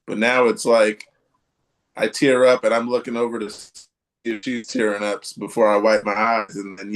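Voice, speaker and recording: A man hosting a casual live podcast chat, rambling and hesitant, with many ums and restarts. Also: fairly low pitch. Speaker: podcast host.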